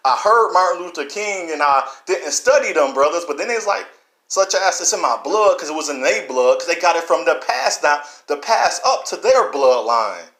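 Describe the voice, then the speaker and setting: A man giving an impassioned, preachy monologue to camera, repeating himself and swinging between loud and low. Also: sing-song, normal speed. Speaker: vlogger. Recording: roomy echo.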